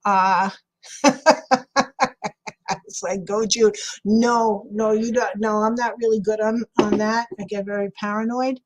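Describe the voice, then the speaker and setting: A middle-aged woman with a New York accent hosts a craft livestream, chatting casually as she crafts and reads the live chat aloud. She rambles, laughs often, and answers viewers by name, though her mid-range voice is flat and measured, and the audio is poor.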